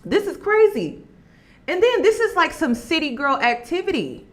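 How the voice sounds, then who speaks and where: A woman giving casual commentary to her viewers, animated and laughing as she talks. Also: extremely high pitch, normal speed. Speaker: commentary vlogger.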